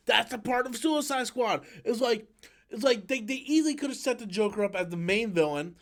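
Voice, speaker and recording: Guy with a high voice going off on a movie, swearing, mocking every line, live stream rant. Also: lively intonation, moderate pace. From United States. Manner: profane, exasperated ranting with mocking quotes. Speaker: YouTube movie commentator.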